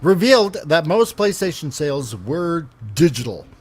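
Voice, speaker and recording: A man's voice: on the high side, sing-song, moderate pace, a little mellow, slightly rough. A man hosting a casual podcast, reading gaming news with rambling, self-correcting sarcastic asides. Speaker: podcast host.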